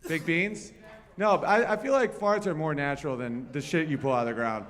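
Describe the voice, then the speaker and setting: A man doing loud, profane crowd work at a piano, teasing someone in a bar. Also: on the high side, fairly quick. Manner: loud, brash and profane, teasing an audience member. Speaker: comedian at the piano. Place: bar or club room. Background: faint piano.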